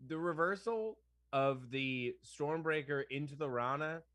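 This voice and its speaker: Young man, excitable co-host, laughs a lot, slightly raised pitch, dry close sound. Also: measured pace, no room sound. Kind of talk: casual wrestling chat.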